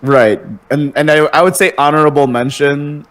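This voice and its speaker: A man's voice: fairly high pitch, steady tone, moderate pace, fairly bright tone. A young man as a podcast guest, laid-back and easygoing, laughing often in casual chat. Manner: laid-back, laughs easily, says "dude". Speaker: guest streamer.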